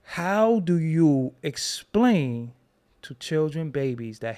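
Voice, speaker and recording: Animated gravelly man hosting a commentary show. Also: on the high side, slow pace. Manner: animated, joking, rambling storyteller. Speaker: show host. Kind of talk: casual commentary monologue.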